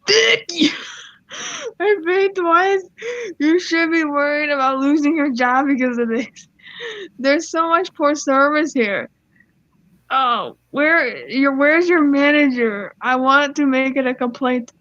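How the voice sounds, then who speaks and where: A woman's voice: high-pitched, lively intonation, slow, fairly bright tone, dry recording, lo-fi sound, heavily acted. A woman voicing a rude, entitled female customer who shrieks and swears as she demands a refund. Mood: indignant.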